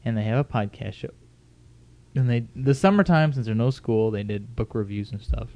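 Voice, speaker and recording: A man's voice: mid-range voice, normal speed, no room sound, highs cut off. A middle-aged man hosting a casual home podcast, rambling and joking at his own expense. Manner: rambling, self-mocking and jokey. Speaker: podcast host.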